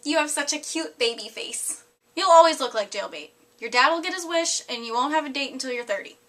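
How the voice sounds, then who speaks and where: A woman's voice: high voice, expressive, fairly quick. A woman doing a sweet, crude old grandma. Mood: sweetly blunt. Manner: gentle, doting tone. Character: elderly grandmother, sweet-voiced but bluntly crude.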